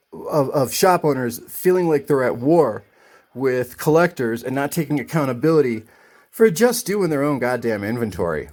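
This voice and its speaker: A man telling a long, indignant story in a casual vlog, acting out both sides of an argument with lots of fillers and restarts. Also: mid-range voice. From United States. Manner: indignant, retells arguments with quoted voices, many fillers and restarts. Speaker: comic collector vlogger.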